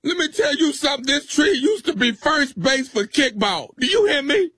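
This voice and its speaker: A man with a very high, bright, edgy voice makes a prank call, shouting and fake-sobbing. The sound is dry and close, with no room around it. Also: sing-song, no room sound. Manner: shouting, fake crying, fast angry rant. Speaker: radio prank caller.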